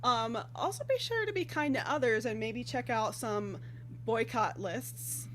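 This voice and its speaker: A woman's voice: a little high, expressive, measured pace, fairly bright tone, slight background noise. A woman player giving announcements on a stream, earnest and hesitant with many fillers. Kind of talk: casual stream chat.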